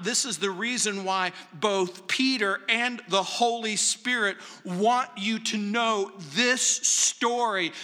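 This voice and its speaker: A male pastor delivers an emphatic sermon, slow and deliberate, in a high, sharp voice. His words ring out with a long reverb, as if filling a church hall. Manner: emphatic preaching, drops to hushed tones.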